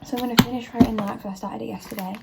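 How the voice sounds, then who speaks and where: Teenage girl, vlog chatter, fry in her voice, bit high, noisy home recording. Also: steady tone, very fast. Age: teens. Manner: chatty, rambling, lots of "like". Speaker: vlogger. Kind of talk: casual study-with-me vlog chat. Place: bedroom at home.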